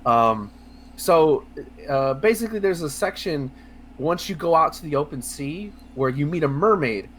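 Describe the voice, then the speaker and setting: A man co-hosting a casual video game podcast, talking in a rambling, excitable way with lots of fillers, restarts and swearing. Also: fairly high pitch, moderate pace, slight background noise. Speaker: podcast co-host. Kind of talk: casual podcast chat about video games.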